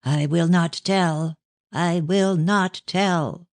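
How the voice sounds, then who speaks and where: A woman reads a dramatic middle-aged clairvoyant who gushes over visitors and slows to a grave hush in her trances. The voice sits higher than the reader's own, as she puts her on, and the sound is dry and close. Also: dry recording. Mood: trance, solemn. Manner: effusive, slow and solemn in trance.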